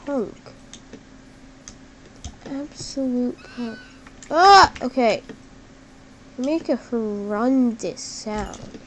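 A woman giving casual, chatty gameplay commentary, excitable and full of "like", with sudden shouts. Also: a little high, drawn-out words, long pauses, slight background noise, low-quality recording. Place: at a computer while gaming.

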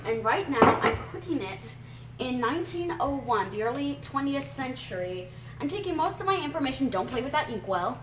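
A woman's voice: high-pitched, very animated, normal speed. A woman reading her own story aloud in a casual way, stopping now and then to scold a child. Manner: reads steadily, breaks off to scold a child. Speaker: author reading her book. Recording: echoey room, distant mic, background noise.

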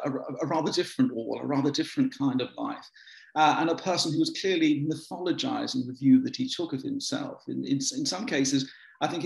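A man's voice: medium pitch, gravelly, reverberant, rough recording. A man giving a biographer's talk, telling anecdotes with many restarts and ums in a dry, wry way.

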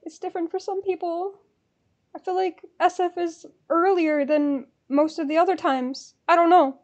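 A woman's voice: very high-pitched, fairly even intonation, moderate pace. A woman vlogging as she waits to buy concert tickets, anxiously repeating herself and dropping to mutters and whispers. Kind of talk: nervous live commentary.

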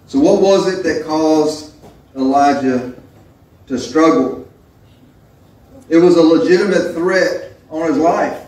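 A man preaching a sermon as pastor, reading scripture and then talking it through conversationally. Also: fairly high pitch. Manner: reads scripture then preaches conversationally, acts out quoted voices. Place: church sanctuary. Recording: very echoey church hall, mic far off.

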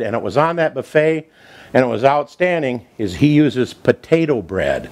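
A man hosting a home cooking show, telling stories in a chatty, folksy country way while he cooks in his kitchen. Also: mid-range voice. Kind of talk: folksy storytelling cooking demo.

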